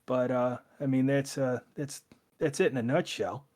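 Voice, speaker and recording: Man, podcast host, casual chat, halting, lots of uh fillers, mid pitch. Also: fairly even intonation, darkish tone. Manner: halting, many "uh" fillers and restarts.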